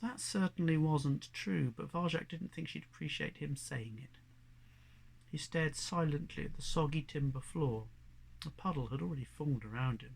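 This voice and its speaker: A man reading a children's novel aloud as narrator, measured and expressive. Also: a little high, creaky, husky. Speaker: audiobook narrator. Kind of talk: storybook narration.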